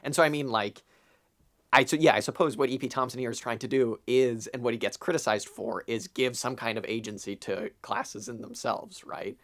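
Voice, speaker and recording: Chatting casually as a podcast co-host, this young adult man wanders from point to point with plenty of fillers and an odd curse. He speaks at a moderate pace in a medium, slightly bright voice.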